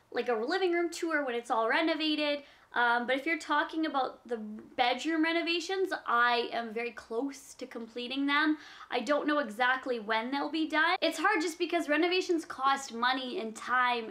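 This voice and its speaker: High-voiced young woman YouTuber. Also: a bit bright. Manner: earnest, advice-giving, reads questions aloud. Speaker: YouTuber answering viewer questions. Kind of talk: casual Q&A vlog.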